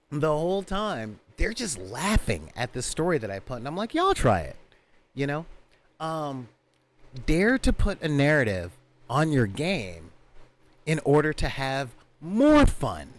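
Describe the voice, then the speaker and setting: Lively, higher-voiced man chatting about tabletop games. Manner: animated storyteller who slips into quick character voices. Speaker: tabletop gaming channel host. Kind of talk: casual chat.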